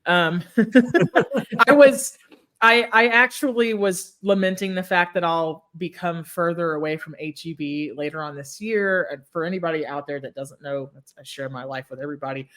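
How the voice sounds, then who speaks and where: A woman's voice: on the low side, a bit bright. A woman hosting a podcast in casual chat, sleepy, jokey and often laughing. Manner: laughing, jokey, drawn-out yawny delivery. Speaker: podcast host.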